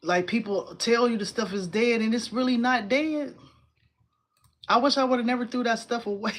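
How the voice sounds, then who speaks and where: A woman hosting a casual crafting live stream from home. She talks in an excitable, chatty way, says "y'all" a lot, and answers viewers' comments aloud. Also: fairly high pitch, moderate pace. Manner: uses y'all and informal phrasing.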